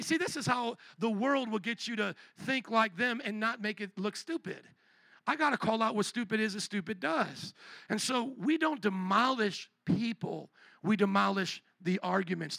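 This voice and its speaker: A high-voiced male pastor delivering an emphatic sermon. His tone is bright and forceful, and he calls out to his listeners. The sound is dry and close, with no room echo. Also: creaky.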